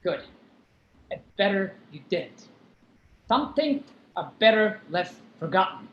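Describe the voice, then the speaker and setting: A woman's voice: medium pitch, sing-song, takes it slowly, reverberant, muffled recording, a little hiss or hum. A woman voicing a limping, lisping masked man who urgently pleads and whispers, in a live play reading over a video call. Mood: evasive. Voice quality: lisp.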